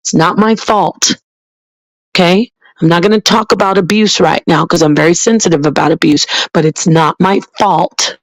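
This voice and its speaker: A woman's voice: on the low side, moderate pace, no room sound, poor audio. A woman vlogger delivers a heated monologue in a blunt, emphatic way. The recording is close and dry, with no room sound. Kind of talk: ranting monologue.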